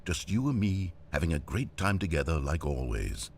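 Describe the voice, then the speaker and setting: A man's voice: a bass voice, lively intonation, moderate pace, a little hiss or hum. An actor playing a sardonic male game narrator with a British accent, speaking in a dry, theatrical, mock-indignant manner.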